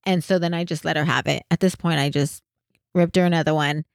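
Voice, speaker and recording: Animated woman telling a story, dry sound. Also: low-pitched, brisk, creaky, no room sound. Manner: animated, laughs often while telling stories. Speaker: podcast co-host. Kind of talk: casual storytelling chat.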